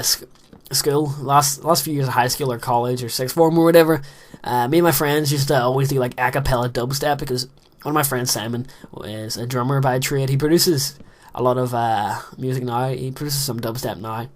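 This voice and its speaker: A man's voice: medium pitch, moderate pace. Chatty teenage man rambling over gameplay. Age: late teens. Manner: rambling, chatty, self-deprecating. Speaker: gaming commentator. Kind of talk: casual gameplay commentary. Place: small closet room with a fan.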